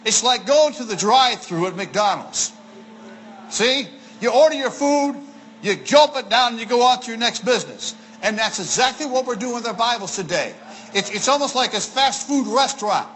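A high-pitched man preaching to his congregation in a church. He is emphatic, repeats his key lines and drags out words for weight, with a faint hiss of room noise behind him. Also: expressive, moderate pace, fairly bright tone, poor audio. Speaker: pastor. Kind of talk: sermon.

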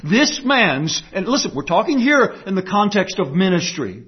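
A man's voice: high-pitched, big pitch swings, normal speed, slightly rough, lo-fi sound. A man preaching a sermon, emphatic, repeating key phrases and asking the listeners rhetorical questions.

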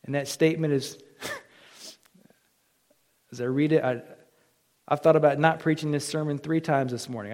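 A male pastor preaching a sermon, moving from quiet, almost whispered lines to loud, fervent appeals. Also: mid-range voice. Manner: builds from quiet to impassioned near-shouting.

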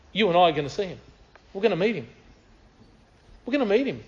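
Man, preacher, earnest, emphatic, repeats phrases, higher voice, lo-fi. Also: very animated, quick pace. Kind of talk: sermon with scripture reading.

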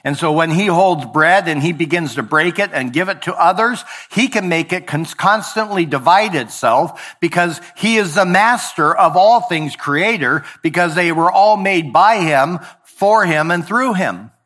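A man preaching a sermon as pastor, earnest, dropping quiet and then rising to emphatic points. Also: a little high, animated, a little slow, hardly any pauses.

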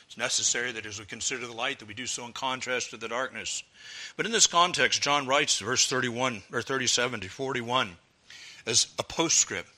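A man preaching a sermon, moving from loud, ringing exclamations down to hushed, quiet passages. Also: mid-range voice.

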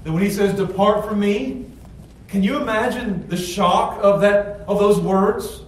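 Preacher in a very echoey church. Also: male voice, normal speed. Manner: swings from shouted intensity to low, quiet asides. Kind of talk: sermon. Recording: very echoey, distant from the mic, faint noise.

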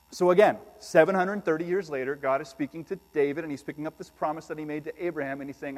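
A man preaching a sermon, reading scripture aloud with slow emphasis and then explaining it to his congregation. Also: a little high, big-room sound. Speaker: pastor.

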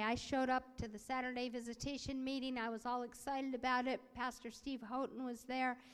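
A woman voicing a sermon as interpreter, telling a story with animated acted-out voices. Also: a little high, smooth. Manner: animated, acts out quoted voices. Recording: long hall reverb.

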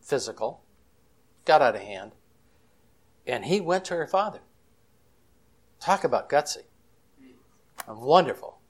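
A man's voice: mid-range voice, big pitch swings, measured pace, pauses often. A man speaking as a Christian counselor at a conference, telling stories in a folksy, chatty way and acting out the quotes. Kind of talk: storytelling conference talk.

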